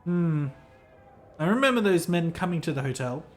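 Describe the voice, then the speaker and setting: A man's voice: on the high side, animated, normal speed, soft background music, lightly acted. A man voicing a pompous, self-important male hotel clerk in a game, reading the lines aloud in a formal, fussy, theatrical manner.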